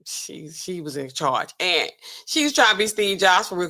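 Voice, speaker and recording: A woman pharmacist hosting a casual reaction commentary, talking in a sassy, colloquial, animated way. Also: moderate pace. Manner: animated, sassy, colloquial, swings pitch for emphasis. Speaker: pharmacist host.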